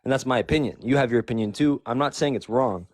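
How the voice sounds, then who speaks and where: A man's voice: medium pitch, quick pace. A man in a casual debate, talking loosely with many fillers and some swearing.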